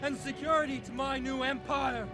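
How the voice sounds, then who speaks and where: An embittered young fallen knight, defiant and seething, who speaks in a strikingly high register. Loud orchestral film music swells behind him. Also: male voice, steady tone, normal speed. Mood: grandiose. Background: film score.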